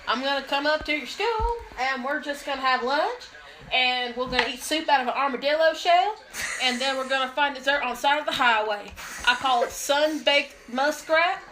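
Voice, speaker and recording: Giggly high-voiced woman joking around. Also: normal speed, sharp tone, a little hiss or hum, low-quality recording. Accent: Midwestern US. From Wichita, Kansas. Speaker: vlogger. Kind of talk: casual comedy chat.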